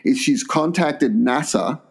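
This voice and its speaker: A man co-hosting a crude comedy podcast, telling long rambling anecdotes in a deadpan way. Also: medium pitch, slow, vocal fry. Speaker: podcast co-host.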